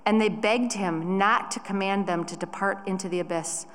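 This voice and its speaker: Woman, scripture reader, measured pace, long church reverb. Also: mid-range voice, steady tone. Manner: slow, measured reading. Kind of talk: scripture reading. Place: church sanctuary.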